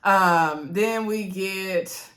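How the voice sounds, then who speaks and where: A woman casually recapping a dating show episode, chatty, jumping into a high voice for sassy asides and laughing at her own remarks. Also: very slow, fairly bright tone. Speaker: reality show recap host.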